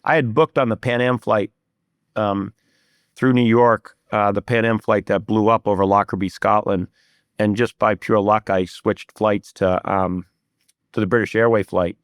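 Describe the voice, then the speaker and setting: A man's voice: on the low side, fairly even intonation, moderate pace, clear, resonant tone, no echo, studio quality. A man in an interview, telling a personal story candidly, with many fillers and restarts. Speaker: guest, private equity investor.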